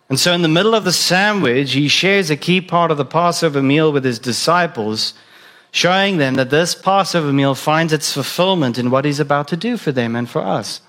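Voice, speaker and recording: A man's voice: a little high, expressive, normal speed, a bit bright. A man preaching a sermon in a conversational way, asking the listeners direct questions. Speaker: pastor.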